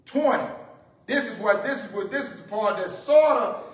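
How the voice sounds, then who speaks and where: A man leading a Bible study, reading scripture aloud and then commenting on it with slow, emphatic repetitions. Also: high-pitched, lively intonation. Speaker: Bible teacher. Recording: echoey room, voice from far off.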